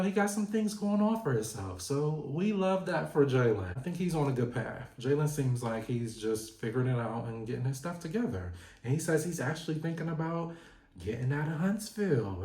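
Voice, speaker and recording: In a roomy, echoing recording, a man with a fairly high, darkish voice gives a casual, chatty recap of a reality show. He addresses the cast directly, as though they could hear him.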